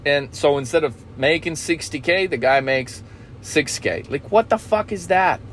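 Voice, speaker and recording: A man's voice: a little high, moderate pace, slight background noise. A man coaching traders in a blunt, profane talk, often checking in with "okay?". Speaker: trading coach.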